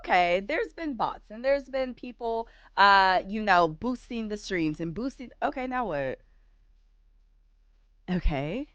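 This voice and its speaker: Woman host, casual stream rant, rhetorical and animated, dry close mic. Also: mid-range voice, a little slow, dry recording, dull audio. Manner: animated ranting, rhetorical questions.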